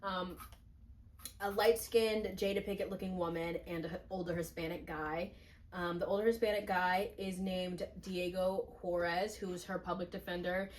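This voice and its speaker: A woman's voice: on the low side, steady tone, moderate pace. A woman hosting a book channel, retelling a novel's plot in a chatty, wry way with lots of fillers. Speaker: booktube host. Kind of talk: casual book recap chat. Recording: distant mic with faint noise.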